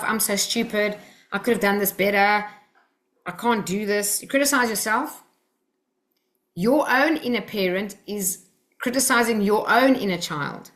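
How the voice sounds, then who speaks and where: A woman's voice: mid-range voice, a bit bright. An Australian woman teaching a workshop group, talking in an earnest, personal, coaching way.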